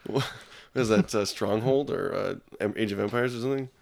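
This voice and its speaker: A man's voice: lowish voice, fairly quick, vocal fry. A young man co-hosting a podcast, joking around casually and dropping into silly voices. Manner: jokey, bursts into silly voices. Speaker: podcast co-host. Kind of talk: casual chat.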